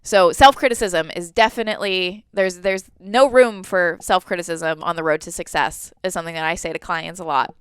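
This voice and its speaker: A woman co-hosting a casual fitness podcast, speaking calmly and backing up her co-host with short agreements. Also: on the low side, brisk, hardly any pauses, clean tone, no room sound.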